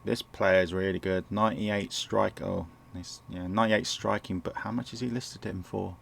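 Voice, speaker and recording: A man with a sore throat and a croaky voice, rambling and correcting himself as he casually talks through a management game at home. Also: low voice, fairly even intonation, moderate pace. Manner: rambling, self-correcting, chuckles often. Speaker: gameplay commentator. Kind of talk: casual game walkthrough commentary. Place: home, indoors.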